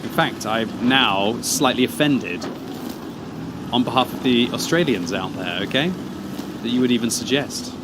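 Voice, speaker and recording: A man's voice: mid-range voice, expressive, measured pace. A British man chatting casually while streaming a game, teasing and rambling as he reads out chat messages. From Britain. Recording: clear background game noise.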